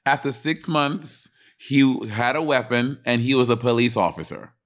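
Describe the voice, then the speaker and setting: A young adult man co-hosting a podcast, telling stories casually and with animation. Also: normal speed. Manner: animated storytelling, jumps into high voice for quoted panic. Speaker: podcast co-host. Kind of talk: casual chat.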